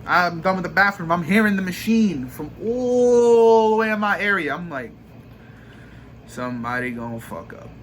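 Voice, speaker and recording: A man's voice: high voice, a bit bright, a little hiss or hum. Profane ranting young New York man. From Brooklyn, New York. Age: young adult. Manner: profane, ranting, rapid bursts. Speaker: vlogger. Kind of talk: casual venting monologue.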